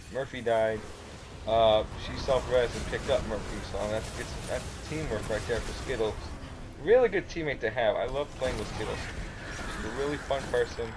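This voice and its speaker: Male gamer voice-over, casual play-by-play, mid pitch, clear game sounds behind. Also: noisy background. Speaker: gamer, channel host. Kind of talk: gameplay commentary voice-over.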